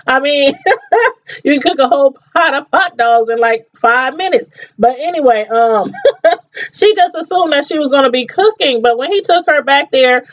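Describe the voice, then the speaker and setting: Woman, chatty TV reviewer, high-pitched, laughs often, muffled lo-fi sound. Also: expressive, unhurried. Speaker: TV show reviewer. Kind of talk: casual review chat.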